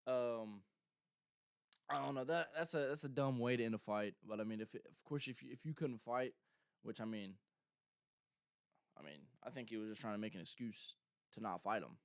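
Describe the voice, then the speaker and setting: A man's voice: medium pitch, moderate pace, creaky, pauses often, clean tone, dry recording, clean studio sound. Young male host, casual rambling chat, filler-heavy, clean voice with no room sound. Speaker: show host.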